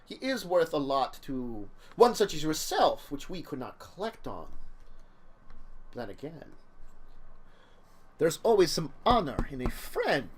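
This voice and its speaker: A game master voicing an aging crime boss with an attempted Spanish accent, courtly and deliberate. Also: male voice, on the high side, big pitch swings, slight background noise. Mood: scheming. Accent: attempted Spanish accent, admittedly poor. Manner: courtly, slow and deliberate, with drawn-out pauses. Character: aging male crime boss, smooth and scheming.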